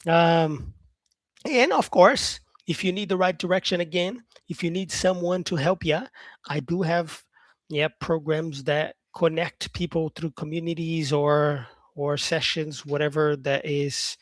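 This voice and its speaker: An upbeat man with a slightly high, steady voice speaks at an unhurried pace, with no room sound. He's an English teacher hosting a live stream, chatting casually as he answers comments. Encouraging throughout, he repeats phrases and reads viewer comments aloud.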